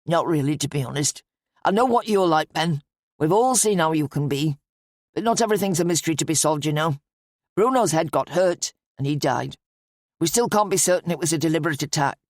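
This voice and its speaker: A weary, grieving father of middle years, his voice sunk low and short-tempered, as a woman reader puts him on. He snaps and mumbles rather than talks, each phrase clipped and tired. The sound is close and dry, with no room around it. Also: no room sound.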